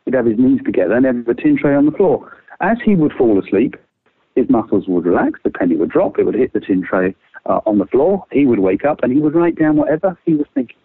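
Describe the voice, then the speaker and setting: Male creativity trainer, lively and casual, dry phone-quality sound. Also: fast talker, husky, no room sound. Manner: lively, swings pitch widely, casual swearing. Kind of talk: animated explaining with quick exercises.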